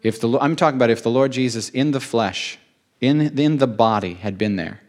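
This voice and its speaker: A man's voice: mid-range voice, brisk, darkish tone. A man preaching a sermon, earnest and emotional, repeating phrases for emphasis.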